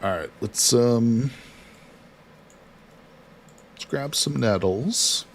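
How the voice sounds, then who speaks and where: A man's voice: mid-range voice, drawn-out words, long pauses, slight background noise. A man livestreaming a survival card game, casually talking through each move and chatting with viewers. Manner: chatty, reads chat aloud, talks himself through actions. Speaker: livestream host. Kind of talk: casual gameplay commentary.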